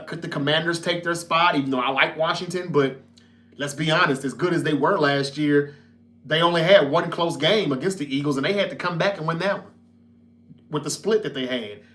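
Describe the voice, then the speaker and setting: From his home in Memphis, Tennessee, a North Mississippi man with a Southern Mississippi accent hosts a casual live sports podcast. His voice is fairly high and a bit bright as he reads chat comments aloud and answers them loosely and chattily.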